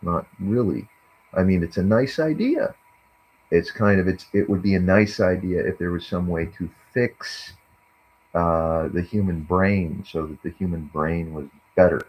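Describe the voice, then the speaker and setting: A man's voice: deep voice, measured pace. A man musing in a rambling monologue, meandering and hesitant, with many fillers, on a dull lo-fi recording. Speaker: vlogger.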